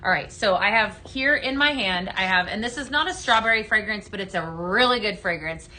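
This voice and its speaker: Chatty woman hosting a bright live sale. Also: mid-range voice. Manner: chatty and halting, with many fillers and restarts. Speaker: company staff host of a live sales stream. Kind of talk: casual live product demo, answering viewer comments.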